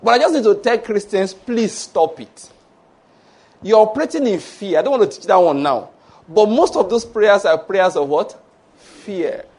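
A Nigerian pastor in full sermon, his voice pitched high for a man. He tells stories and slips into the voices of the people in them. Now and then he bursts into loud, shouted mock prayers. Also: expressive, moderate pace, slightly rough. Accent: Nigerian English.

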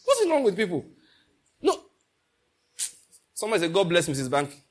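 A middle-aged Nigerian man preaching a sermon, telling stories and slipping into pidgin, moving between loud and hushed delivery. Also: high voice, wildly swooping pitch, brisk. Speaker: pastor. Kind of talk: sermon with storytelling.

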